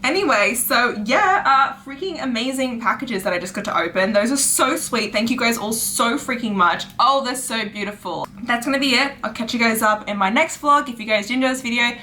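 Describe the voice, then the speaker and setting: A woman book vlogger unboxing packages in a casual vlog, gushing and squealing with excitement. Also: on the high side, fairly quick, few pauses, a little hiss or hum.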